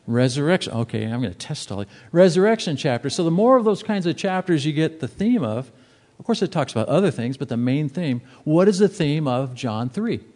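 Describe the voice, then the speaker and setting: A man's voice: fairly high pitch, darkish tone. A man preaching a sermon in a conversational, emphatic way. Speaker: pastor.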